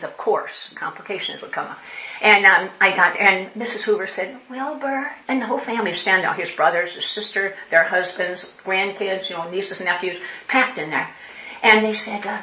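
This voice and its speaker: Animated older woman telling church stories. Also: medium pitch. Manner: animated, laughing, acts out quoted voices. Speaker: speaker at a women's church conference. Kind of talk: storytelling talk with humor. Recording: echoey hall, faint noise.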